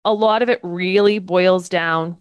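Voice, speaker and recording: A woman's voice: lowish voice, steady tone, unhurried, smooth, dry recording, dull audio. A woman leading a live online fitness-coaching training class from a webcam setup. She speaks with enthusiasm and keeps checking in with "okay?" and "right?".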